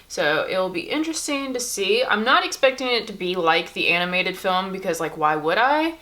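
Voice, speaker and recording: A woman's voice: mid-range voice, expressive, normal speed, pushed and bright. A woman in her twenties chatting casually at home while she gets ready, rambling with lots of fillers into a camera-mounted mic. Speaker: beauty vlogger. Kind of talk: casual get-ready-with-me chat. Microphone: camera-mounted shotgun mic.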